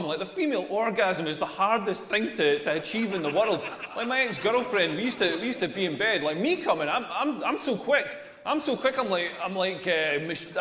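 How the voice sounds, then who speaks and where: A man's voice: high-pitched, a bit bright. A Scottish man doing a crude, self-deprecating stand-up comedy set on a club stage. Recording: echoey room with long reverb.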